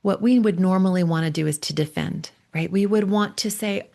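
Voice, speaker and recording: Gravelly-voiced woman coaching on marriage. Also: mid-range voice, fairly quick, few pauses. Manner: gentle, earnest, often adds "right?". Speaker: marriage coach and podcast host. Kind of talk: faith-based coaching talk.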